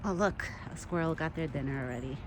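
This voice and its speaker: A young woman with a slightly low voice chats casually into her phone camera while standing out on a trail. She rambles in a friendly way and talks sweetly to a deer she is feeding. Outdoor ambience and passing vehicles are clearly heard behind her. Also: fast talker. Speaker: vlogger feeding a wild deer. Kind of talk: casual vlog chat. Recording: outdoor phone recording with noise.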